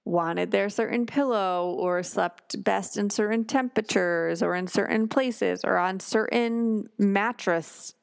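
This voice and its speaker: A woman's voice: mid-range voice, slow pace, creaky, few pauses, clean tone, dry recording, clean studio sound. A woman hosting a podcast, telling personal stories in a loose, chatty way with lots of fillers and self-corrections. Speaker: podcast host. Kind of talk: casual storytelling.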